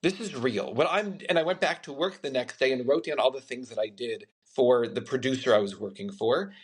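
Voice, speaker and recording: A man hosts a conversational interview and speaks in a voice of medium pitch. He tells his own story in a candid, animated way. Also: brisk, breathy edge. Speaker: podcast host.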